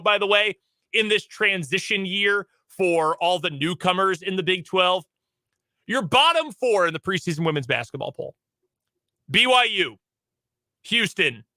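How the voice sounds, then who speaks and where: Man, sports radio host, high voice, very bright, brisk opinionated headlines. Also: no room sound, low-quality recording. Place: radio studio.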